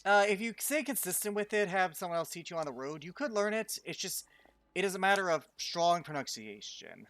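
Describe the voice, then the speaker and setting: A man acting as dungeon master of a tabletop game, who explains the rules in a playful, animated way. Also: high-pitched, a little fast. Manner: playful and animated, breaks into song.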